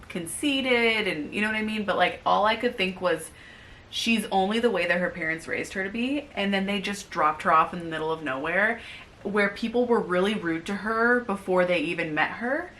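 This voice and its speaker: A young woman co-hosting a casual book review chat, rambling with lots of fillers and getting animated as she rants. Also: medium pitch, slight background noise. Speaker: co-host.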